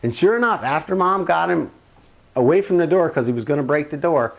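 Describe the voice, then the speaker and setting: A man's voice: fairly high pitch, fairly quick, gravelly. A man telling a personal family story in a casual, rambling way, acting out the quotes as he goes. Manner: animated, rambling, acts out quotes.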